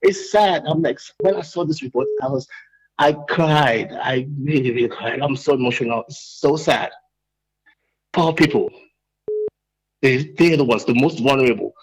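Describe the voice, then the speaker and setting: A man with a Sierra Leonean accent calling into a radio show, talking in an agitated, emotional way with many halting restarts. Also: medium pitch, slightly rough, low-quality recording. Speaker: radio call-in caller. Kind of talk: impassioned call-in rant.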